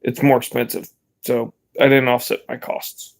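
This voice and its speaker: A man's voice: medium pitch, flat delivery, normal speed, vocal fry. A young man vlogging in a rambling, laid-back way, swearing casually as he chats. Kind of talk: casual vlog chat.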